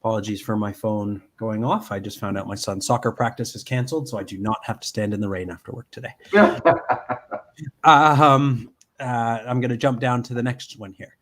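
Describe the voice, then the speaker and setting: A man giving a live software demonstration from home, explaining step by step with frequent ums and restarts. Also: mid-range voice, moderate pace.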